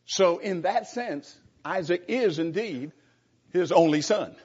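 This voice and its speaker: Male pastor teaching a Bible class, earnest and emphatic, husky, on a dull lo-fi recording. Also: sits high, expressive, slow pace, a little mellow.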